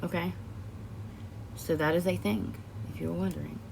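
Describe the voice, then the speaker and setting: A young woman talks straight to her viewers in a loose, rambling way, her voice sitting on the low side. She drifts between thoughts, often breaking off into laughs and sighs. A faint hum sits under the recording. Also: steady tone, moderate pace, gravelly. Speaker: vlogger. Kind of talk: casual personal storytelling to camera.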